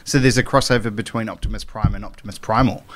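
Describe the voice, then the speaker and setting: A man co-hosting a casual podcast, joking in quick banter. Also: on the low side, steady tone. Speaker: podcast co-host.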